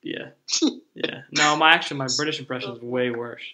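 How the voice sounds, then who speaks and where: An easygoing, self-deprecating man chatting casually on a podcast. His voice is bright and sits at a middling pitch. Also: steady tone, brisk. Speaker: podcast co-host.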